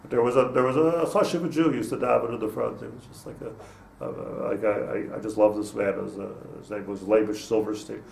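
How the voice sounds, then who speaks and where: A man's voice: fairly low pitch, steady tone, a little fast, creaky, a little mellow, slight background noise. A man, a rabbi, giving an informal class to students, chatty and restarting his phrases, with Hebrew terms mixed in. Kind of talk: informal Torah lecture. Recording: roomy echo, mic at a distance.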